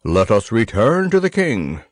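A man's voice: on the low side, very animated, a little slow, no room sound. Pudge, a pompous old wise man, as a man reads him. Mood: solemn. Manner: solemn, self-important pronouncements.

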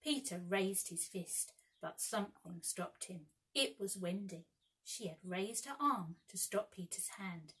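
Husky woman reading a children's story. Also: mid-range voice, a little slow, rough recording. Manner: expressive, lively storytelling. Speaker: teacher.

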